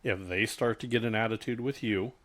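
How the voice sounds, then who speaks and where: A man's voice: lowish voice, fairly even intonation, a bit bright. A man co-hosting a podcast, chatting casually about customer service and often restarting his sentences. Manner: halting, many restarts, speaks from work experience. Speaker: podcast co-host. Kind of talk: casual chat.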